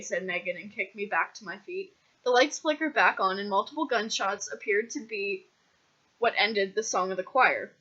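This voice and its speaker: A woman's voice: mid-range voice, normal speed, pushed and bright. A woman reading a comic fanfiction story aloud with mock-dramatic narration. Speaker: fanfiction reader. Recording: dull lo-fi recording.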